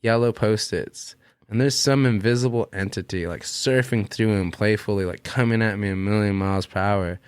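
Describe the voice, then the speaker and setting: A man's voice: lowish voice, moderate pace, clear, resonant tone, no echo. A young adult man, a musician guest, telling a long story casually, full of fillers and swearing. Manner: rambling, heavy on fillers and swearing.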